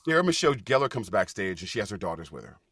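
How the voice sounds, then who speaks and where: A middle-aged man with a fairly low but bright, forceful voice tells backstage stories on a podcast. He is animated and gets loud and laughing when excited. The recording is close and dry. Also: rapid-fire, no room sound. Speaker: guest, Broadway actor. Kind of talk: casual podcast storytelling.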